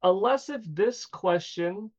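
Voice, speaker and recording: A man's voice: high voice, expressive, takes it slowly, a little mellow. A man interviewing a guest in a casual, chatty way, asking long rambling questions. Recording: dull lo-fi sound.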